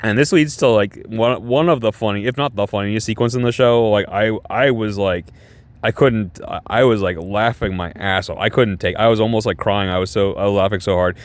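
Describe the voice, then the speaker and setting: A man casually reviewing a show in a vlog, excitable and rambling, swearing a lot. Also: lowish voice, fairly quick.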